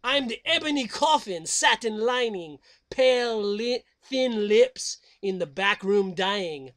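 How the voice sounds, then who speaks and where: A man voicing a theatrical, menacing male vampire count who declaims slowly and dramatically and cackles. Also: high-pitched, animated, fairly bright tone, exaggerated voice.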